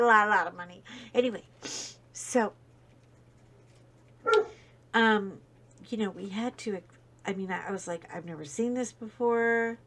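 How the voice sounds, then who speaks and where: Chatty woman host, casual storytelling with lively swings. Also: medium pitch. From United States. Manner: chatty storyteller, animated, wandering asides. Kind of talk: casual chat while coloring.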